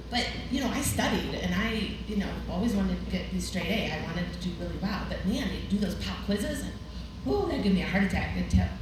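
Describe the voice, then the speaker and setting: A middle-aged woman giving a chatty devotional talk at a women's retreat, telling stories with a laugh. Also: medium pitch. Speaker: retreat speaker. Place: large room at a ladies' retreat. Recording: very echoey, distant, noisy room recording.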